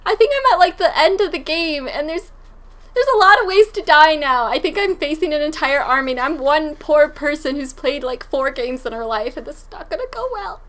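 A woman hosting a casual let's play, talking to herself as she plays, jumpy and quick to swear. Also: sits high, expressive, a bit bright. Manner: jumpy, swears freely, talks to herself while playing. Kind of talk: casual gaming commentary. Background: game music and sounds.

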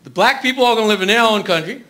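A comedian doing a blunt redneck laborer. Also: male voice, high voice, rapid-fire, pitched below the performer's own voice. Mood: deadpan. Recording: live club recording, loud crowd and noise.

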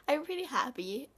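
A woman's voice: high-pitched, a bit bright, slightly rough. A teenage girl vlogging casually to the camera, gushing with dramatic exclamations and sometimes dropping into a whisper. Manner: drops into a whisper at times.

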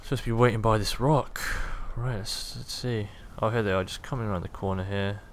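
A young man gives loose, self-amused commentary as he plays through a fantasy game, hopping between jokes and asides. His voice sits on the low side, with a faint hiss in the recording. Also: steady tone, a little fast. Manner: jokey, rambling, self-amused. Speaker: gaming video host. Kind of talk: casual gameplay commentary.

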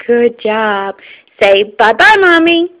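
Mom on a phone video, high-ish voice, talks super slow and sing-songy to her toddler. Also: lively intonation. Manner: slow, patient, sing-song prompting. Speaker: mother teaching her toddler words. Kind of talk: home video, coaxing a toddler.

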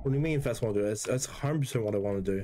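A man's voice: lowish voice, racing, dark tone, slight background noise. A young man, chatting casually and joking while playing a game with friends over a headset mic. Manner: laid-back, joking, swears freely. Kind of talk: casual gaming chat.

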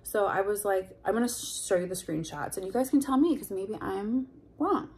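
A woman's voice: mid-range voice, expressive, normal speed, darkish tone. A woman telling a personal story in a confessional vlog, candid and heated, full of fillers and blunt swearing. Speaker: vlogger.

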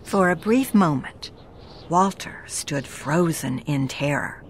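A woman narrating a scripted ghost story in a dramatic manner, slowing down for suspense. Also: low-pitched, gravelly, a little hiss or hum.

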